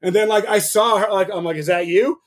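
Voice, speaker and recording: A young man with a slightly raised voice tells a story on a podcast, lively and full of cursing. He acts out what others said as he goes, in a loose, casual way. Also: sits high, brisk. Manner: animated, profane, acts out quotes. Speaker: podcast co-host.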